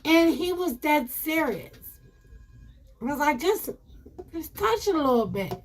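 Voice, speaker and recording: A woman telling her viewers a personal story in a casual, animated way, repeating herself and calling them y'all. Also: sits high, slow.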